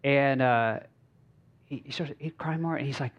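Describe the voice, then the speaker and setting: A man preaching a relaxed, story-driven sermon at a mid-range pitch. He speaks informally, circling back with fillers and restarts. The recording is slightly dull and lo-fi. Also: normal speed. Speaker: pastor. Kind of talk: conversational sermon.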